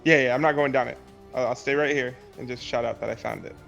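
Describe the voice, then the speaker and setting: A man playing a tabletop game, teasing the others in a deadpan way. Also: mid-range voice, fast, creaky, faint music behind. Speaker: player.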